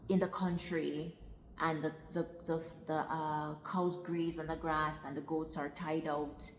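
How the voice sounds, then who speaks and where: Woman, storytelling vlogger, low voice, roomy hall with long reverb. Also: level tone, unhurried, slight background noise. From Jamaica. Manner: meandering, with restarts and repetition. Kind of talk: personal storytelling.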